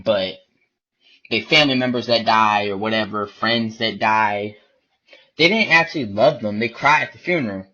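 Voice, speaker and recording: A man's voice: on the low side, normal speed, pushed and bright. A man delivering a blunt, profane, repetitive ranting monologue about faith. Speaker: online video preacher. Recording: dull lo-fi recording.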